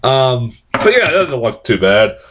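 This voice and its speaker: Brief: male movie reviewer, casual, profane, rambling with fillers and restarts, mid-pitched voice. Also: very animated, measured pace, a bit bright, slight background noise.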